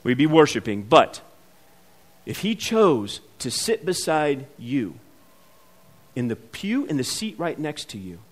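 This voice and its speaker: A high-pitched man delivers a sermon in a church sanctuary. He talks to the congregation like a conversation, acts out the people in the scripture, and then presses hard at the key points. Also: very animated, measured pace, long pauses. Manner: conversational preaching, acts out quoted voices, builds to emphatic peaks. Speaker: pastor.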